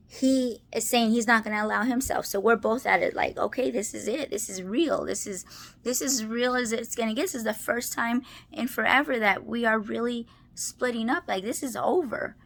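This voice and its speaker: Her voice runs high with vocal fry and a fairly bright tone. A married adult woman vlogging to camera, she rambles through a confessional monologue, restarting often, leaning on "like" and other fillers, and letting out tearful laughs as she hovers near tears.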